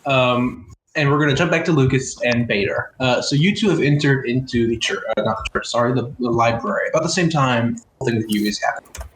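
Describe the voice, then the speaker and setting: A man's voice: medium pitch, fairly quick, a bit bright. A man narrating casually as game master of a tabletop game. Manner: casual, filler-heavy. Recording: echoey room with faint noise.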